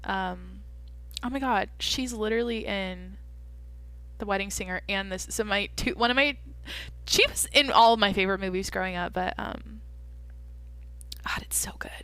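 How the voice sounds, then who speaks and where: A woman's voice: medium pitch, moderate pace, fairly bright tone. A young woman hosting a solo podcast, chatting casually and rambling as she thinks aloud and swears often. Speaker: podcast host.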